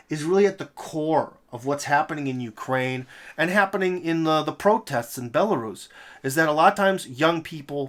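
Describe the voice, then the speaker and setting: A man's voice: medium pitch, a bit bright. A man hosting a political commentary monologue, talking in an emphatic, rhetorical way with sarcastic asides. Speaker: host.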